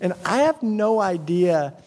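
A man giving a personal storytelling talk at a faith gathering, animated and acting out the voices in his stories. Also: high voice, unhurried. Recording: long hall reverb.

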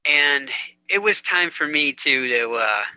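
A man's voice: fairly high pitch, lively intonation, a little slow, bright, forceful tone, clean tone, no room sound, poor audio. A man who is a musician guest in an interview, chatting and telling stories, laughing easily and repeating words. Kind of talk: conversational interview.

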